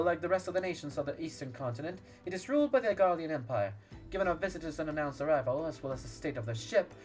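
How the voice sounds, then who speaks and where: A man's voice: on the high side, darkish tone, close to an everyday voice. A man voicing a haughty, self-assured young male scholar, reading game dialogue aloud in a formal, clipped way.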